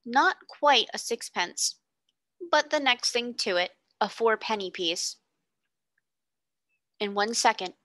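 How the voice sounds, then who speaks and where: A woman, a tutor, reading a children's novel aloud expressively, slowing on vivid words, on a close mic. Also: medium pitch, pushed and bright, no room sound. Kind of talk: storybook reading.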